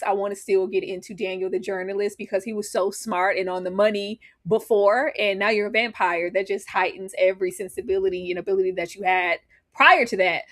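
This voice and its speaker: A woman co-hosting a casual TV recap, excitable and laughing often. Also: medium pitch. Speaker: podcast co-host.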